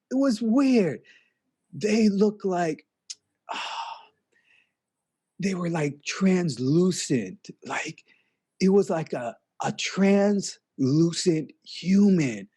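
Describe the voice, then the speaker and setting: Slow, dreamy rambling man. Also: fairly high pitch, mellow. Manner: dreamy and rambling, drawn-out "man" and trailing restarts. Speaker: comedian telling a story. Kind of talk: comedic spaced-out storytelling.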